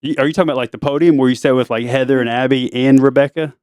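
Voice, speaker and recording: Male podcast host, dad of the family, middle-pitched, teasing and upbeat, dry recording. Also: fairly even intonation, racing, darkish tone, clear, resonant tone, no echo. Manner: upbeat, teasing, mock news-anchor delivery. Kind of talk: casual family chat.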